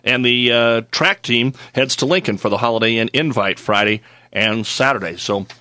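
A radio sports host runs through scores and sponsor copy at a brisk clip. His tone is bright and forward. The studio sound is dry and close. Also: medium pitch, no room sound.

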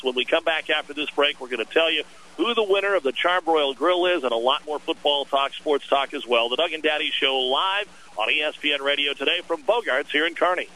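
A man hosting a live sports radio show at a store remote, pitching sale prices in an upbeat, salesy way. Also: pushed and bright, poor audio. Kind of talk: live remote broadcast with ad reads.

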